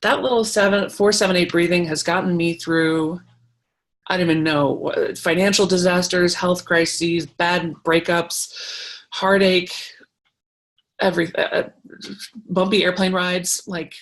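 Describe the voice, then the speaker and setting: Gravelly-voiced woman teaching creativity. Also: fairly low pitch. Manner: encouraging, chatty, with fillers and restarts. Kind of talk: live online workshop talk.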